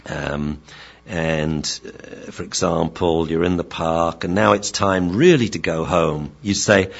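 A man's voice: low-pitched, slow, gravelly, dull audio. A man lecturing as a dog trainer in a chatty, playful way, with many fillers. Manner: animated, chatty, playful, many fillers, laughs, mimics voices. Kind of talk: informal lecture.

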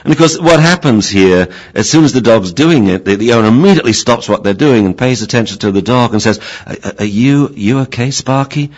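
A man's voice: on the low side, lively intonation, fast, hardly any pauses, slightly rough, poor audio. An older man, a dog trainer, giving an informal lecture in a chatty way, often repeating his words and acting out dogs and owners.

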